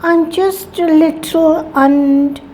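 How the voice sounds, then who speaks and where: Teacher doing a meek, glum sick kid in a storybook play, high voice. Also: female voice, fairly even intonation, very slow, warm tone, a little hiss or hum. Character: glum, poor sick young patient boy.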